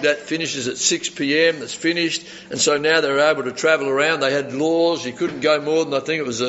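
A man's voice: mid-range voice, fairly bright tone, highs cut off, slight background noise. A male pastor giving a sermon, teaching through scripture with casual asides and rhetorical questions.

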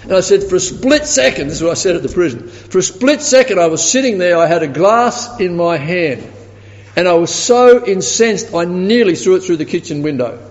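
A man's voice: high voice, brisk. Man preaching a story-driven sermon. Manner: storytelling, animated when quoting others. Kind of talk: sermon with anecdote. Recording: dull sound with long reverb in a hall.

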